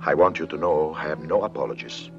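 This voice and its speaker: An actor playing an earnest older plantation owner who speaks gravely and softly, in a film scene. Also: male voice, a bass voice, fast talker, music in the background. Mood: tender. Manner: grave, pleading, soft-spoken. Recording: dull old film soundtrack. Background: film score.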